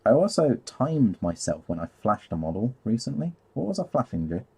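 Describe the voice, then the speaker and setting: Low gravelly guy streaming his painting, mellow tone, keeps losing his train of thought. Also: big pitch swings, a little fast. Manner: rambling, easily distracted, chuckles at himself. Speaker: live streamer painting miniatures. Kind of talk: casual live-stream chat.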